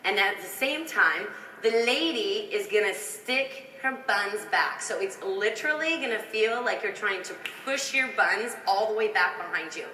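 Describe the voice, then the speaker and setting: A woman choreographer leads a dance lesson, calling counts in rhythm and cheering the dancers on. Her voice is bright and forceful. It rings through a roomy studio with a long reverb tail. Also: mid-range voice, lively intonation, normal speed, recorded from a distance, a little hiss or hum. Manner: upbeat, counts out steps in rhythm, coaching dancers. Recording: echoey room with long reverb.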